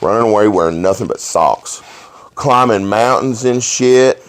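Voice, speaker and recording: A man hosting a podcast, telling rowdy stories in a profane, animated way and laughing along. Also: fairly low pitch, a little slow. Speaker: podcast host. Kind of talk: casual storytelling chat.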